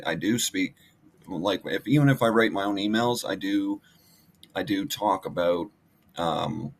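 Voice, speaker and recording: A man with a low voice talks casually about his emails. He rambles and stops often to restart his sentences with fillers. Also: a bit bright. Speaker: online marketing vlogger. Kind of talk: casual screen-share walkthrough.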